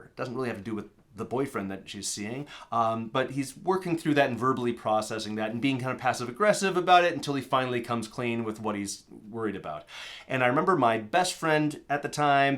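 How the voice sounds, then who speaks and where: A man's voice: medium pitch, expressive, a little fast, a bit bright. Chatty American man teaching a lesson. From Minnesota. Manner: chatty, rambling, with fillers and digressions. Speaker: language teacher. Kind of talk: casual video lesson.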